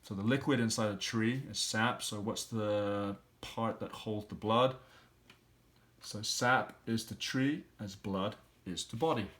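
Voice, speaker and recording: A man with a fairly low, fairly bright voice teaches at a slightly slow pace. He works patiently through language exercises step by step, thinking aloud as he figures out each answer.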